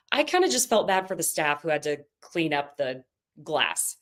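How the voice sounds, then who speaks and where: A woman's voice: sits low, normal speed. Chatty woman recapping. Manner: chatty, animated, quotes others in put-on voices. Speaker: podcast co-host. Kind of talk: casual recap chat.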